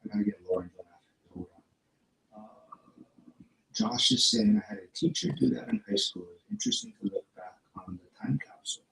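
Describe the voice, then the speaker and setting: A man hosting a casual live chat and reading viewer comments, with a soft, low, sultry late-night DJ sound and a distracted, stop-start way of talking. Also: wildly swooping pitch, fairly quick, vocal fry. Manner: distracted, catching up, restarting sentences. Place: remote connection, away from the others. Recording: echoey remote line with static.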